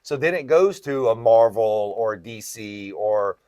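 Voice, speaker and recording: A man's voice: fairly low pitch, animated, unhurried, dark tone, dry recording, clean studio sound. A man hosting a podcast as a comic shop retailer, explaining things at length in casual chat and often checking in with "right?".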